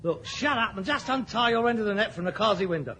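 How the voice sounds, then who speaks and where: An actor playing a snobbish, exasperated grown son in a vintage radio sitcom. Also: male voice, high voice, animated, quick pace, heavy background noise. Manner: pompous, exasperated, insulting.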